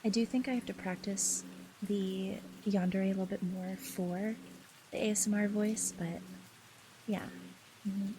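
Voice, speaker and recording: A woman's voice: mid-range voice, a little slow. A woman chatting casually with her livestream audience, teasing and giggling often in flirty, mock-possessive banter. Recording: steady background noise.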